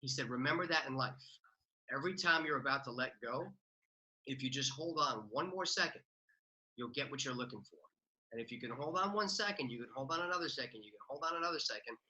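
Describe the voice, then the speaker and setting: A real estate investor chats casually as a podcast guest, talking fast with lots of filler words, especially "like," in a casual interview. His medium-pitched voice has lively intonation and a pushed, bright quality, in a rough recording.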